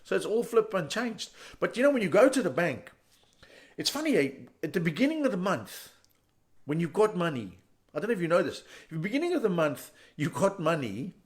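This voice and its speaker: Animated South African man doing stand-up. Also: high voice, brisk. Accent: South African English. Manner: animated storyteller, jumps into loud character voices. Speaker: stand-up comedian. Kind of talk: stand-up comedy set.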